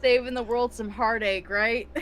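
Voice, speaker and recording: A woman's voice: on the high side, steady tone, moderate pace, a bit bright. A woman chatting with a streamer, teasing him with dry banter. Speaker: co-host on stream. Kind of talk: casual chat.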